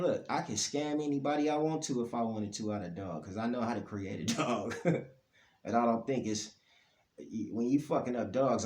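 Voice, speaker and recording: A man, ranting bluntly about dog breeding, his voice swinging from low grumbles to loud outbursts. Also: reverberant. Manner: blunt, profane, heated, pitch and loudness swinging up and down. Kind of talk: ranting monologue to camera.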